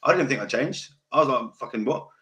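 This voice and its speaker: Fast-talking, sweary South London man. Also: medium pitch, animated, bright, forceful tone. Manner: rambling, sweary, repeats himself. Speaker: podcast host. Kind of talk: casual chat.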